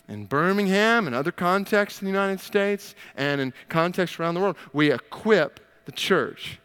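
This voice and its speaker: A man's voice: high-pitched, animated, moderate pace, hardly any pauses, fairly bright tone, smooth, big-room sound. A man preaching a sermon as pastor, stressing and repeating his key phrases.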